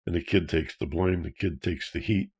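A man's voice: low voice, moderate pace, a little mellow, breathy edge. A man, a counselor, talking earnestly about fear and childhood feelings, posing rhetorical questions. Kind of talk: talk on emotional self-awareness.

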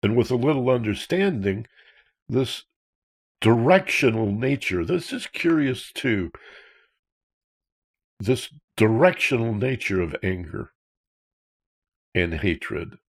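A man's voice: medium pitch, sing-song, takes it slowly, pauses often, slightly rough. A man, a counselor, talking earnestly about fear and childhood feelings, posing rhetorical questions. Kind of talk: talk on emotional self-awareness.

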